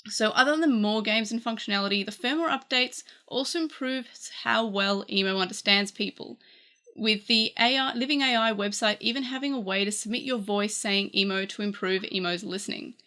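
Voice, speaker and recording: Australian woman, bright voice, chatty, rambling, casual gadget review. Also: medium pitch, a little fast. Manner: chatty, rambling with fillers and restarts. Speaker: tech reviewer.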